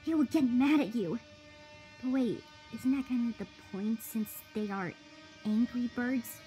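A woman's voice: on the high side, a little slow, mellow, faint music behind, lightly acted. Woman voicing a flustered nervous bird girl. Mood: worried. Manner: flustered, stammering. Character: nervous, secretive female bird. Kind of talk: fan-made cartoon voice acting.

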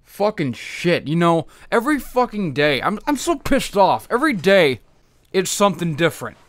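A high-voiced man rants in a stream of exasperated profanity. His face is numb from the dentist, yet he keeps hammering on his complaints. The sound is dry and close. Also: very animated, normal speed, no echo. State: half his face numb from dental work. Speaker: podcast host. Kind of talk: angry comedic rant.

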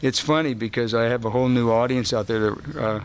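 Guy chatting at a press junket, smooth resonant voice, laid back, rambles and chuckles. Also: mid-range voice, brisk. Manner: relaxed, rambling storytelling with chuckles. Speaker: actor interviewed about his film role. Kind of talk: press junket roundtable interview. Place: hotel press junket room, indoors.

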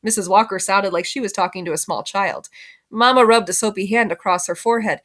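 A woman's voice: medium pitch, fairly quick, fairly bright tone. A woman teacher reading a first-person novel aloud in plain storytelling, sometimes correcting herself.

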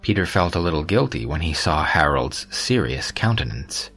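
A man narrating an audiobook story in a steady, even storytelling manner. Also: very deep voice, moderate pace, husky. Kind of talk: scripted narration. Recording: soft background music.

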